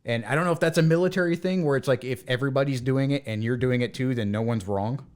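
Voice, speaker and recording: Speaking at a quick pace and medium pitch, a U.S. man co-hosts a laid-back podcast. He's an animated storyteller who voices the people he quotes.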